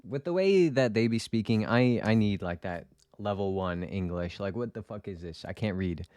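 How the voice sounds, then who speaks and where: A man's voice: on the low side, animated, moderate pace, darkish tone, dry recording. A man streaming a game, reading aloud in a casual, joking way, swearing and stumbling over words. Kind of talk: casual let's-play commentary.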